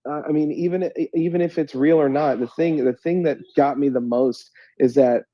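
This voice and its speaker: A man in casual podcast chat, animated and rambling, with frequent restarts and laughter. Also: on the high side, moderate pace, dry recording, highs cut off. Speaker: co-host.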